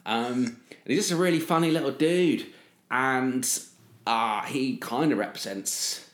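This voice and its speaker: A man's voice: medium pitch, unhurried. A man co-hosting a casual podcast, talking in a rambling way with many fillers and casual swearing. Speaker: podcast co-host. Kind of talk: casual chat. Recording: roomy echo.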